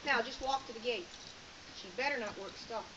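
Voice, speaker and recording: A sheepdog trainer with a rather high voice and a slightly fast delivery coaches a student at an outdoor clinic, directive and chatty as she explains along the way. The outdoor recording is muffled and hissy.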